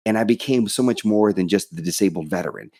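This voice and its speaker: A man's voice: on the low side, quick pace, mellow, dry recording, clean studio sound. A man in his thirties, a guest on an interview podcast, telling his story openly and with emphasis, swearing casually.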